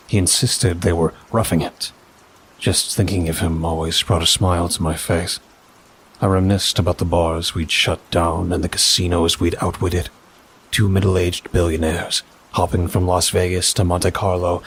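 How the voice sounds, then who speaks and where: A man reading a first-person story aloud, measured and steady. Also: low-pitched, breathy edge. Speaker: narrator. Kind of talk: scripted story narration.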